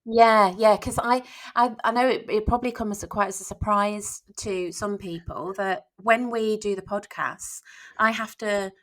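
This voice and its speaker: A woman's voice: mid-range voice, steady tone, a little slow, a bit bright, poor audio. A woman from England with a Northern English accent, chatting casually as an author guest on a podcast, restarting her sentences often. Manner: chatty, with frequent restarts and laughter.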